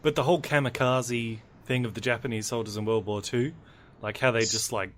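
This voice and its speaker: A man talks easily with friends on a podcast about films. His delivery is laid-back and unhurried, with a mid-range voice. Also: mid-range voice, steady tone, a bit bright, slight background noise. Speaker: podcast co-host. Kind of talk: casual movie review chat.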